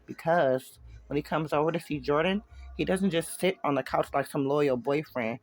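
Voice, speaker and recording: A smug, cursing ex-girlfriend sneers down the line, as a man reads her part. She snaps each taunt in a voice pitched a little above a man's usual range. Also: normal speed, close to an everyday voice. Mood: mocking. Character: bitter, mocking woman, his rival's ex.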